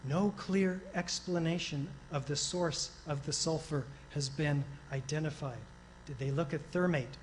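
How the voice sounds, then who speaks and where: A man lays out technical findings in an earnest, lecturing tone, pausing for rhetorical questions and the odd filler. His voice sits somewhat high, with a faint hiss of noise behind it. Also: low-quality recording. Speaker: architect presenting evidence. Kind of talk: documentary lecture.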